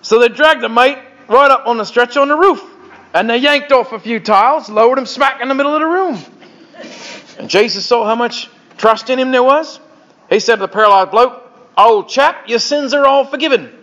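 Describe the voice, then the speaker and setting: A man's voice: very high-pitched, moderate pace, sharp tone. A man voicing a hearty Australian storyteller, punchy and boisterous in an Australian accent. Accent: Australian, put on. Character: hearty Australian male yarn-spinner. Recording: dull lo-fi recording.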